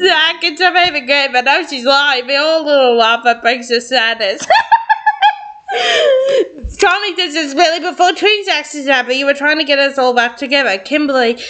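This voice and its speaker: A woman's voice: high-pitched, moderate pace, bright, forceful tone. Gushing, teary woman. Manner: gushing and tearful, laughing often. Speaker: fan reading and reacting to a script. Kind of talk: excited reaction vlog, reading a script aloud.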